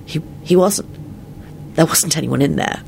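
A reader doing a quiet, weary werewolf man. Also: medium pitch, a little slow, a little hiss or hum. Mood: hushed. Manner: quiet, firm, hoarse at times. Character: weary grown man, a werewolf, steady under strain.

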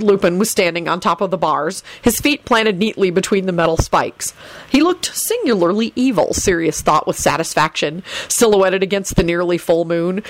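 A woman reading a story aloud as narrator, animated and switching into character voices. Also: fairly low pitch, dry recording. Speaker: audiobook narrator.

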